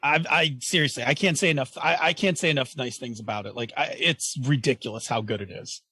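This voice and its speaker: A man co-hosting a gaming podcast in casual chat, excitable and rambling, with many fillers and restarts. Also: medium pitch, fairly quick, husky, no echo. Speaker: podcast co-host.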